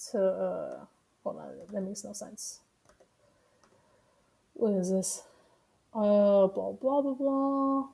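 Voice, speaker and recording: A woman streamer giving casual, profane commentary on the news, blunt and quick to laugh. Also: mid-range voice, vocal fry, mellow.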